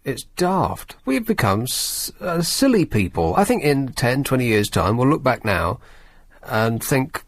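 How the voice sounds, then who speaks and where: A man's voice: medium pitch, sing-song, unhurried. A man hosting a radio talk show, making wry, dry quips to callers. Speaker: radio host. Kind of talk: late-night radio talk.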